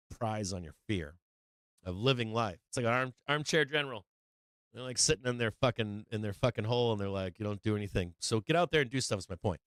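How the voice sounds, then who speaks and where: A man's voice: on the low side, fairly bright tone, dry recording, clean studio sound. A middle-aged man hosting a casual trading livestream, ranting with lots of swearing and laughing as he talks. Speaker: livestream stock trading host.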